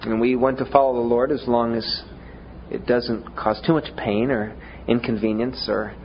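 A man's voice: medium pitch, flat delivery, moderate pace, muffled recording, a little hiss or hum. A man preaching a sermon in a conversational way, often stumbling over repeated words, with self-deprecating humor.

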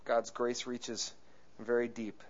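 A man's voice: medium pitch, flat delivery, slow pace. A man preaching a sermon as pastor in a conversational way, swelling into emphasis on key points. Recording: muffled lo-fi recording.

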